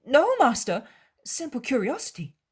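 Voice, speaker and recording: A woman's voice: high voice, huge pitch swings, normal speed, a little mellow, breathy edge, pitched above the performer's own voice, full character voice. A woman voicing a young male apostle who presses with eager, insistent questions in a dramatized audiobook. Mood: prying. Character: prying, anxious male apostle, young man.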